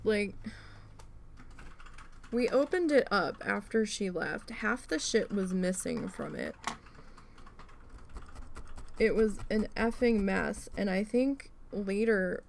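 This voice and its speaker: A woman hosting a craft livestream, casually telling a story with animated swearing while she works. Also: medium pitch, slow pace, creaky, pauses often, a little hiss or hum. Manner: animated, profane, acts out quoted people.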